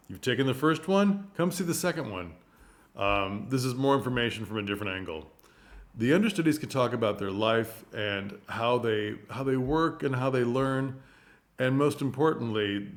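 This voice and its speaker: A man talks casually to camera in a mid-range voice and explains practical tips. His delivery is expressive and thinks aloud, and his pitch leaps up on the points he stresses. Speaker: presenter giving advice to theatres.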